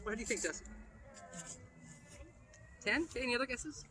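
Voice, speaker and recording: A man's voice: extremely high pitch, animated, a little fast. A man leading a playful children's message as pastor, asking the kids questions in church. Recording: noisy live room recording.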